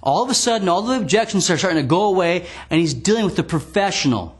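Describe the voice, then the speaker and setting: A male sales trainer with a fairly high voice delivers a studio training lecture. He talks emphatically, repeats key words for weight and slips into sample call lines to demonstrate. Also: lively intonation, quick pace, slightly rough. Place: green screen studio.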